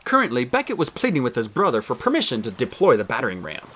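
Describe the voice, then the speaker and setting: Male narrator, expressive audiobook reading, bright tone, very animated. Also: mid-range voice, fast talker, hardly any pauses.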